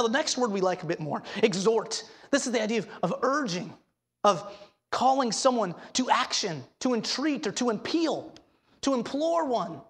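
A woman pastor preaching a sermon in an earnest, emphatic way, dropping low and soft on key words and asking the congregation questions. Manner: asks the congregation rhetorical questions.

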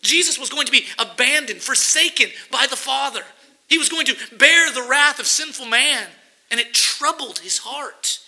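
In a rough recording, a male pastor gives an expository sermon at a moderate pace. His voice is very high for a man, strikingly bright and sharp, with a creaky quality. He reads scripture verses aloud, then unpacks them with earnest emphasis.

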